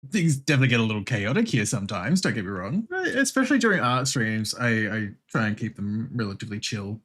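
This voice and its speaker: A man's voice: fairly low pitch, sing-song, quick pace, a bit bright. An Australian man chatting casually with viewers while drawing on stream, swearing freely and laughing often. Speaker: art streamer.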